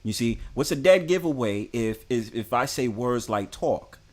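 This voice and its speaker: A man's voice: mid-range voice, expressive, moderate pace, darkish tone. A man with a New York accent hosting a casual live-stream group chat. He talks emphatically, repeats himself and talks over others.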